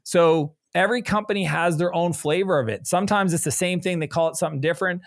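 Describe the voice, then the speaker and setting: A middle-aged business coach speaks in a conversational interview as an energetic storyteller, jumping into animated quotes of other people. His voice sits high and moves quickly, recorded dry with studio quality.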